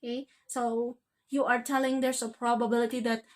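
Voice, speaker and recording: A woman's voice: fairly high pitch, little pitch movement, brisk. A woman teaching an English grammar lesson, checking in with "okay?" after nearly every phrase.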